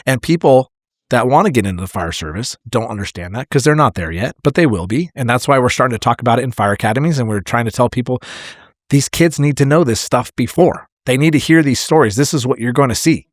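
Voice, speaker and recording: A man's voice: medium pitch, quick pace, no room sound, studio quality. A man, a firefighter and podcast co-host, telling a hard call story in candid casual chat and swearing freely as it gets emotional.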